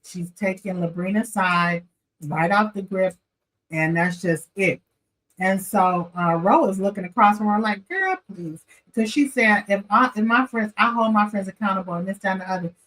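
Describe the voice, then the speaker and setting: A woman, chatting casually as she recaps a reality show, animated and opinionated, talking straight to her viewers. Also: mid-range voice, moderate pace, rough recording. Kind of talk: casual chat.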